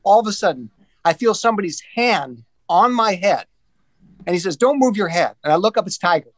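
Lively storytelling man, dry close sound. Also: high voice, fairly quick, dry recording. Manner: animated anecdotes, acts out voices, many restarts. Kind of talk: casual storytelling.

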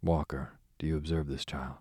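A man reading an audiobook, voicing a languid aristocratic duke with a smooth, sarcastic drawl. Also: a bass voice, level tone, moderate pace, a little mellow, dry recording, clean studio sound. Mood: sardonic. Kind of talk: audiobook character voice.

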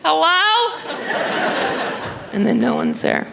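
A woman doing stand-up comedy, rambling through her stories in a loose, chatty way and peppering them with "you know." Her voice sits at an ordinary middle pitch. The live club recording carries a loud audience and steady background noise. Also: normal speed, a crowd in the background. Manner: chatty storytelling, frequent "you know", mimics her mother in a high voice.

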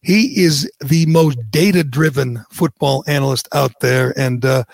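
A man's voice: mid-range voice, a little slow, creaky, dry recording. A man hosting a talk radio show, blunt and heated, often repeating himself as he argues his point. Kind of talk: opinionated talk radio chat.

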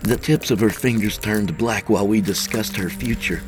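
A man narrating a first-person horror story as podcast host, measured and tense. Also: lowish voice, music in the background.

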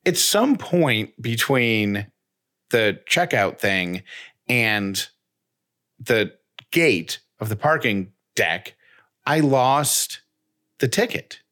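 Podcast co-host, man in his thirties, lively storyteller whose voice swings widely while acting out both sides. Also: medium pitch, very slow, long pauses. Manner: animated, acts out both sides of an exchange. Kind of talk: casual chat, storytelling.

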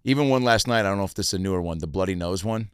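A deep-voiced man hosts a relaxed comedy podcast, telling stories loosely and leaning on fillers. The sound is close and dry, with no room around him. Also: rapid-fire, smooth, dry recording. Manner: filler-heavy, animated storytelling. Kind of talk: casual podcast chat.

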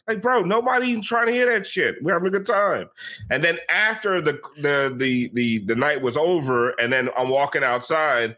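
A man hosts a casual sports podcast, telling rowdy stories in an animated way. His voice is bright and sits a little high, and the swearing flows freely. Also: a little fast. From South Florida. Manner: animated storytelling with profanity. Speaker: podcast host. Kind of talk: casual chat.

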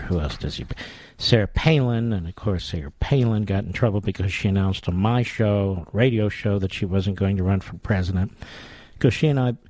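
A man with a low, darkish voice hosts a political talk radio show, recorded dry and in studio quality, delivering a combative, sarcastic monologue.

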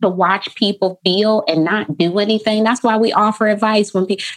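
A woman therapist speaking as a podcast guest, animated and laughing often, acting out the phrases she quotes. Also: mid-range voice, normal speed. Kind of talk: casual podcast interview.

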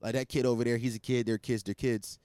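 A man's voice: mid-range voice, level tone, quick pace, dark tone, clear, resonant tone, dry recording, studio quality. A man in his twenties hosting a solo podcast, rambling with restarts and repetition, crude, slangy and blunt. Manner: rambling, restarts and repeats himself, crude joking; swears freely, slangy and blunt. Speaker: podcast host. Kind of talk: casual solo podcast monologue.

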